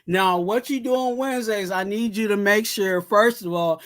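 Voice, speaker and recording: A man hosting a casual sports podcast who talks in an animated way, leans on "you know what I'm saying", and breaks into shouted rants. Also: high voice, moderate pace. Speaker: podcast host.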